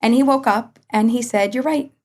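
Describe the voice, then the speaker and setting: A woman in her forties, a podcast guest, telling a personal story in a lively way, acting out the dialogue and laughing often. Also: a little high, normal speed.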